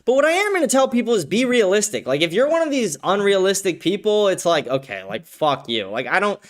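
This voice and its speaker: A man's voice: sits high, very animated, brisk. A young man hosting a live stream, reacting to clips and reading chat aloud with crude, sarcastic commentary and frequent laughter.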